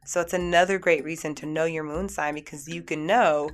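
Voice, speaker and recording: A woman's voice: low-pitched, steady tone, a little fast, hardly any pauses, faint music behind. A woman hosting a radio show, talking casually and upbeat with many "like"s and restarts. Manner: chatty, upbeat, full of "like" and restarts. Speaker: radio show host and energy healer. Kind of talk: casual talk radio monologue.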